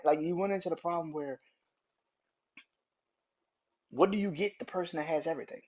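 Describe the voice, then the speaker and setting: A man hosting a casual podcast, talking bluntly and profanely and breaking into loud, incredulous rants. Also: sits high, racing, few pauses, dull audio. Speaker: podcast host.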